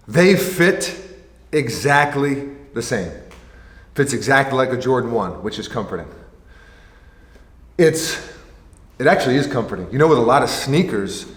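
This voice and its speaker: A man's voice: medium pitch, lively intonation, normal speed, pauses often, a bit bright. A man chatting casually as a sneaker vlog host, joking and restarting his sentences. His voice sits mid-range and rings with long reverb in a roomy space. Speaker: sneaker vlogger. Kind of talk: casual chat.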